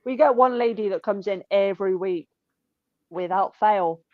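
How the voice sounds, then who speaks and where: A woman's voice: mid-range voice, moderate pace, dry recording, narrow, tinny audio. A woman telling blunt, sweary stories about her shop customers in casual chat.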